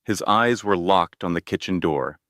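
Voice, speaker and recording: A man narrating a scripted dramatic story in a measured storytelling manner. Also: low voice, fairly bright tone, no room sound, studio quality.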